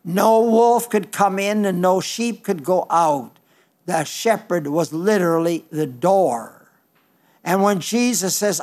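An older man delivers a sermon in a high-pitched voice. He halts and restarts often, leaning on fillers, then slows and rises for quoted scripture. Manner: halting, with frequent restarts and fillers. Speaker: preacher.

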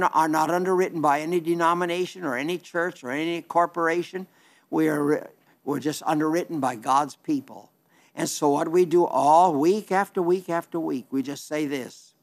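A man preaching on television in a folksy, earnest, plainspoken way, reading viewer letters and asking for support. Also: a little high.

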